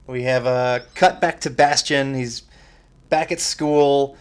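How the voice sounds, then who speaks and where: Give me an excitable man co-hosting a podcast, mid-pitched and quick to laugh. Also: clean tone. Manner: animated, laughs often, bursts of fast excited talk. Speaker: podcast co-host. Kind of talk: casual movie discussion.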